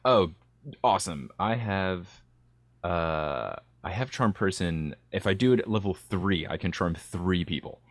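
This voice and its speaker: A man's voice: low-pitched, lively intonation, a little slow, no echo. A man thinking aloud and laughing easily as a player in a tabletop game. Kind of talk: tabletop game play chat.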